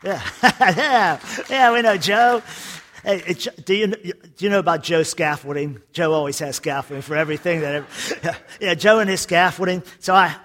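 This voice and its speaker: High-voiced man preaching a lively sermon. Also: moderate pace, slight background noise. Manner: lively storytelling preacher with jokes and emphatic repetition. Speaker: pastor.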